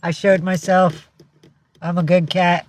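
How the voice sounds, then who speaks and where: A woman's voice: on the low side, level tone, a little slow, slight background noise, natural voice. A woman voicing her friendly male pet cat greeting viewers in a cute, sweet voice.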